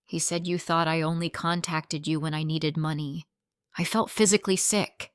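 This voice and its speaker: A woman voicing a worried grown daughter who sounds tired and guarded, speaking softly and hesitantly. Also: sits low, steady tone, normal speed, clear, resonant tone, no room sound, lightly acted. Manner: soft, hesitant.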